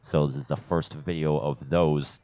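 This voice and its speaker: Very deep-voiced man narrating a game walkthrough. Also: steady tone, normal speed, highs cut off. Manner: laid-back and chatty, swears casually, rambles with fillers. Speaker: gameplay guide narrator. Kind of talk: casual gameplay walkthrough commentary.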